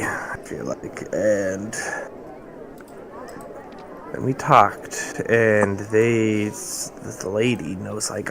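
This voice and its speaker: A man at a tabletop game, recounting events in character in a halting way. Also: on the low side, creaky, a little hiss or hum, poor audio. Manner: halting, many ums and laughs. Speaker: player.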